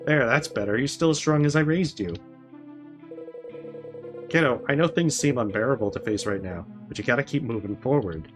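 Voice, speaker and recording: A man voicing a gentle father encouraging his grown daughter, reassuring in manner, over game music. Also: mid-range voice, expressive, moderate pace, natural voice.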